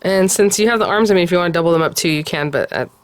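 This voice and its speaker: A woman hosting a card-making tutorial, talking casually and often cooing softly over how cute the pieces are. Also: fairly low pitch, rapid-fire, no echo. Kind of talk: casual crafting tutorial talk.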